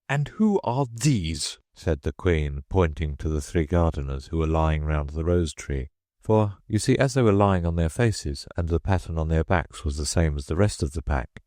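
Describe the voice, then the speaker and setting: A man narrating an audiobook in a measured, expressive reading style. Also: very deep voice, no echo, clean studio sound. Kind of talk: scripted storybook narration.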